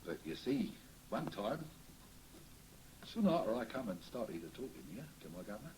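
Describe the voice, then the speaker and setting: A cheery old Cockney barrow boy's spirit, as a man in a séance puts him on, rambling through his memories with chuckles. His voice has a warm, mellow tone, and his pitch swings up and down as he talks, in a folksy, chatty way. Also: big pitch swings, moderate pace, a little hiss or hum, rough recording. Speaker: trance medium. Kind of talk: séance trance communication.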